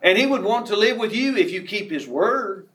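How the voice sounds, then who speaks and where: A man preaching a sermon, emphatic, who reads scripture slowly and draws out key words. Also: high-pitched, expressive, fairly bright tone, far from the mic, slight background noise. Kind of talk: sermon on a Bible passage. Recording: echoey room from off the mic.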